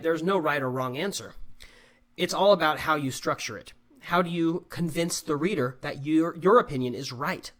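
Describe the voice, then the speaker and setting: Brief: American male English teacher, slightly higher voice, patient explainer, video-call Q&A. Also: a bit bright. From United States. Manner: explains patiently, often checks in with "right?". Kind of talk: live online Q&A lesson.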